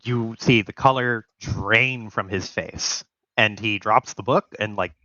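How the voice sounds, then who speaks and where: A man's voice: lowish voice, unhurried, dry recording, muffled recording. A man running a tabletop role-playing game, narrating scenes loosely with lots of fillers and voicing side characters. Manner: relaxed, filler-heavy narration. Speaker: game master.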